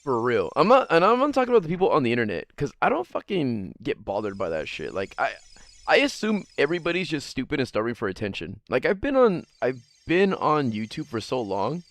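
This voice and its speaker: A man's voice: mid-range voice, wildly swooping pitch, brisk, a bit bright, no echo. Profane rambling male streamer. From Guam. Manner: rambling, profane, laughing often. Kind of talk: casual livestream chat.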